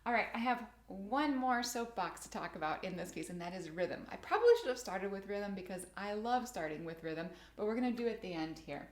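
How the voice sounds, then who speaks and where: A middle-aged woman teaches piano teachers in a clear, methodical way, sometimes chanting rhythm words in time. Her voice sits at a middle pitch for a woman. The recording carries a roomy echo. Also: animated, fairly quick, few pauses. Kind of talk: instructional video for teachers.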